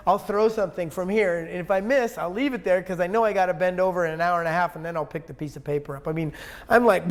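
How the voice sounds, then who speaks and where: Man, high pitch, interview guest; blunt, profane, emphatic, rambling. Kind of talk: casual conversational interview.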